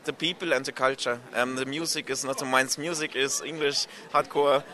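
Man, halting English, bright forceful voice. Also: mid-range voice, fairly even intonation. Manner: halting, many "um"s. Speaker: street interviewee.

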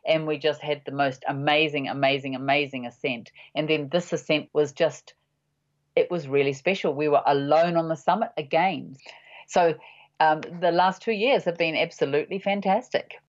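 A woman in her sixties, a mountain guide, giving measured, halting interview answers with many pauses. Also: sits low. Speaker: high-altitude mountain guide. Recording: dull lo-fi audio.

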